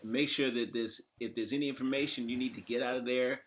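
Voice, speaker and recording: A man's voice: medium pitch, fairly even intonation, fast talker, slight background noise. A man hosting a live stream, talking in a loose, rambling way with restarts. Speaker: show host.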